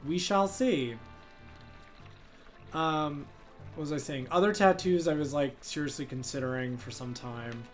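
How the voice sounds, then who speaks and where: A man's voice: on the high side, unhurried, long pauses, soft background music. Rambling young man streaming a game. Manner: rambling, heavy use of "like" and "um". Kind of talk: casual live gameplay chat.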